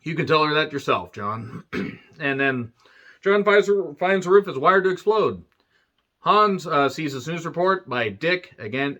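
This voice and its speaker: A man's voice: mid-range voice, sharp tone, highs cut off. A man casually recapping a movie plot, rambling with profane jokes and lots of fillers. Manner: profane, joking asides, many fillers. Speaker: movie reviewer.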